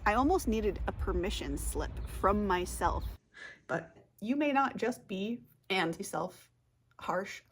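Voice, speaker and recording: A woman's voice: medium pitch, animated, slow pace, slight background noise. Giggly, rambling woman vlogger. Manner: trips over words, loses train of thought, giggles. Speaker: self-help vlogger. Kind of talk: casual rambling monologue.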